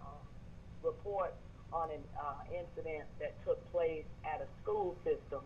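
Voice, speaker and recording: A man's voice: a little high, measured pace, narrow, tinny audio, a little hiss or hum. A man from Georgia with a Southern accent, calling into a show and chatting in a friendly, rambling way. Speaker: caller. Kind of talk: phone-in conversation.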